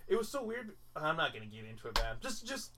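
A young man, a podcast co-host, telling a story in casual chat, animated, full of fillers and swearing. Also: on the high side, fast talker.

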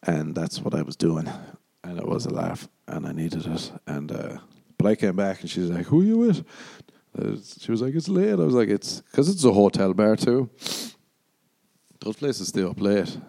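A young Irish man tells a rambling story on his podcast in an easygoing monologue. His voice sits low and mellow, with a dark tone. When he quotes himself, he jumps into high, animated voices. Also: normal speed, creaky. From Ireland. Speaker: podcast host.

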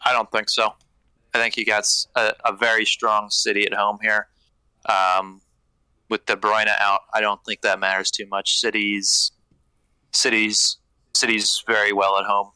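A man's voice: on the low side, flat delivery, a little slow, sharp tone, clear, resonant tone, no room sound, poor audio. A young man guesting on a casual football podcast, giving short, confident predictions.

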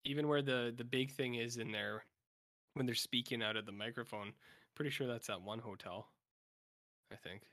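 A man's voice: mid-range voice, fairly even intonation, moderate pace, pauses often, a bit bright, no room sound. A man co-hosting a podcast, chatting casually about a film with wry, sarcastic remarks and the odd swear. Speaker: podcast co-host. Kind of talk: casual chat recapping a film.

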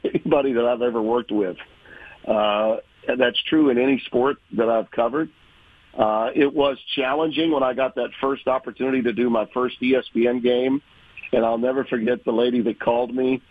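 A veteran male sportscaster from Louisiana tells career stories in a folksy, animated way. His voice is husky and a bit dull, with a dry, slightly lo-fi sound. The pitch sits in the middle. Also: dry recording. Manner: folksy, animated storyteller, acts out quoted voices. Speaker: sports broadcaster guest. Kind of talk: conversational interview storytelling.

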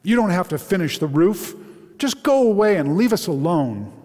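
A man's voice: high-pitched, big pitch swings, normal speed, a little mellow, pitched above the performer's own voice. A man giving voice to Joachim, an older father whose voice whines piteously. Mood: whining. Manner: whining, piteous. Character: Joachim, an older father, fearful then overjoyed. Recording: reverberant hall.

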